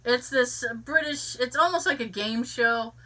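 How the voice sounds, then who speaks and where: A young woman co-hosting a podcast, telling stories in a giggly, animated way with many restarts in casual chat. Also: on the high side, measured pace, recorded from a distance. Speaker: podcast co-host.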